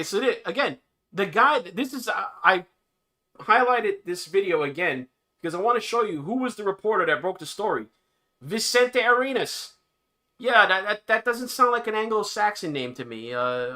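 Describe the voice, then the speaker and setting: Man, livestream host, high bright voice, sarcastic, laughing commentary. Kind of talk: commentary on news clips.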